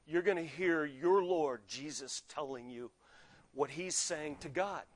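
A man preaching a sermon, telling a personal story and acting out the dialogue with lively shifts. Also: fairly high pitch, a little slow. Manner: animated, acts out quoted dialogue. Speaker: pastor.

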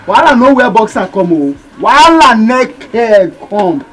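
A man's voice: high voice, big pitch swings, unhurried, a bit bright, slight background noise, exaggerated voice. An actor playing a tired, exasperated male friend who speaks with a Nigerian Pidgin accent. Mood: weary. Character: weary male friend, fed up with the trouble.

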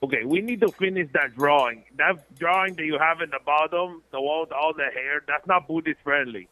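A man's voice: a little high, fairly quick, sharp tone. A man calling in to a comedy stream, chatting in a laid-back way. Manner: laid-back, says bro. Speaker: caller. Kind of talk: casual call-in chat. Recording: tinny phone line.

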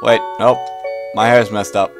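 A man doing gaming commentary in an excitable, goofy way, shouting and laughing at what happens on screen. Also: fairly low pitch, measured pace, over music. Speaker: gamer, channel host.

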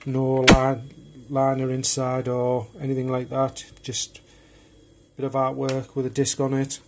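A man's voice: mid-range voice, completely flat delivery, measured pace, noisy background. A man casually showing off his film collection on video, chatty and rambling as he talks. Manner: rambling and chatty, loose and unpolished. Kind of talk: casual show-and-tell of home video collection.

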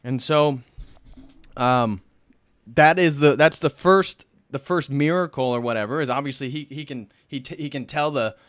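A man's voice: mid-range voice, normal speed, a bit bright, no echo. A man hosting a casual livestream film review, earnestly retelling the plot in detail. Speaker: film reviewer, channel host.

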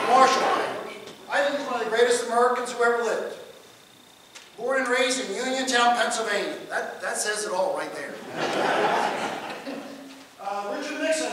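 Folksy high-voiced man lecturing in a hall. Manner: folksy, joking, animated storyteller. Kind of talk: public history lecture. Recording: roomy, distant hall recording with noise.

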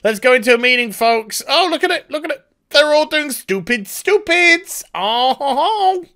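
A man's voice: very high-pitched, animated, moderate pace, bright, forceful tone, voice pushed up, heavily acted. A man putting on the voice of a smug, self-adoring male cartoon producer who gushes in baby-talk words. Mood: smug gushing.

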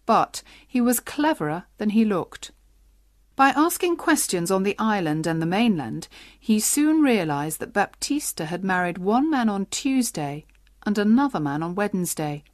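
Steady woman storybook narrator. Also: medium pitch, no room sound, clean studio sound. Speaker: audiobook narrator. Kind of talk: graded-reader narration for learners.

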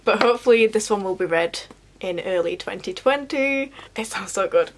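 A woman's voice: mid-range voice, expressive, moderate pace. Chatty woman vlogging about books. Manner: chatty and enthusiastic, trails off into asides. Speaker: book vlogger. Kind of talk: casual chat.

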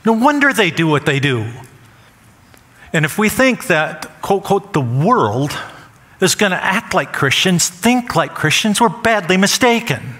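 A man's voice: sits high, very animated, unhurried, pushed and bright. A man preaching a sermon as pastor, emphatic and repeating phrases for stress. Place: church sanctuary. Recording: long church hall reverb.

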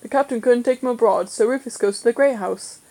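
Woman doing a brisk, gruff old man. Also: a little high, dark tone, low-quality recording. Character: stern, eccentric old male scholar.

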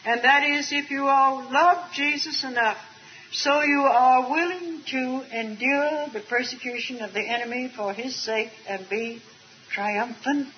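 An older woman preaching a sermon at a retreat, earnest and emphatic, drawing out key words slowly with a light aside now and then. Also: high-pitched. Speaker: speaker at a Christian retreat. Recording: dull archival tape recording.

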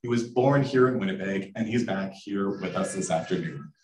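A man hosting a bookstore event, giving a smooth, formal introduction of the guest author. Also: low-pitched, moderate pace, darkish tone. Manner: smooth announcing tone. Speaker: event host. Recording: roomy, distant mic, faint noise.

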